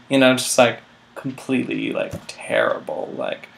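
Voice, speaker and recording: A man's voice: mid-range voice, sing-song, moderate pace, vocal fry. A man in his twenties telling a rambling, self-mocking comic story, full of filler words. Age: 20s. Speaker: vlog host.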